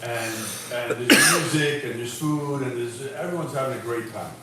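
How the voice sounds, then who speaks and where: A man spins a story in a loose livestream chat, animated and quick to laugh. His voice sits back from the mic in a very echoey room. A steady noise runs underneath. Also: mid-range voice, far from the mic.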